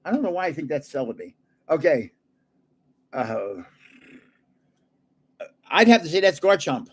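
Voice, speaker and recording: Opening card packs on his livestream, this older host chats casually and laughs at himself while guessing the names of cards. He speaks a little slowly in a husky, fairly high voice with a sing-song lilt.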